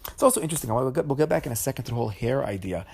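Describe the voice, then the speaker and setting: Guy teaching torah casually, gravelly voice, lots of restarts, mixes in hebrew words. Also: medium pitch, animated, rapid-fire, a little mellow, a little hiss or hum. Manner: conversational storytelling, frequent restarts and Hebrew terms. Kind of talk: informal Torah class.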